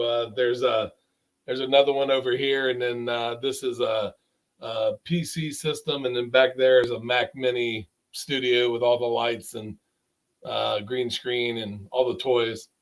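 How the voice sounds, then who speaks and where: A relaxed man chats from his home studio. He talks slowly and halts over fillers. His pitch sits in the middle range. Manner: relaxed, halting, many fillers. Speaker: video producer. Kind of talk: casual chat.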